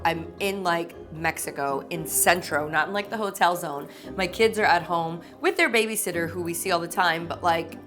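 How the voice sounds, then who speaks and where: A woman hosting her own vlog, telling stories in a sarcastic, gossipy way and swearing freely. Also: on the low side. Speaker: vlog host. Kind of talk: confessional to-camera storytelling.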